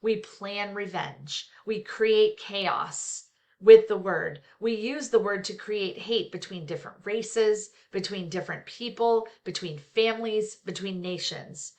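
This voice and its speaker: A middle-aged woman who works as a therapist reads a book aloud in a mid-range, slightly slow and mellow voice. She often breaks off from the text for frank, chatty personal asides full of fillers, so it feels like a casual reading with commentary.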